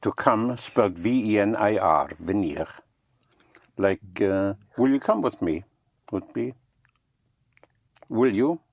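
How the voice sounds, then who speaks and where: A man's voice: on the low side, expressive, takes it slowly, vocal fry, pauses often, no echo, studio quality. A man teaching French vocabulary, patiently repeating each word and spelling it out letter by letter. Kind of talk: language lesson.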